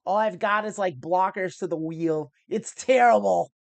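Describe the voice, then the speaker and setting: A woman's voice: on the low side, normal speed, gravelly, darkish tone, no room sound. An American woman streaming online poker, talking casually as she plays and explains her moves, chatty and self-mocking, laughing often and swearing lightly. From United States. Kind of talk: live-stream gameplay commentary.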